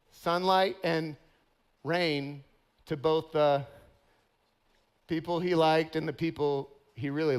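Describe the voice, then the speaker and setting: A man delivers a casual, humorous sermon. His voice sits high with a gravelly edge, and he laughs at his own jokes and acts out little scenes as he teaches. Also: fairly bright tone. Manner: playful, self-mocking, laughs often. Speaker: pastor.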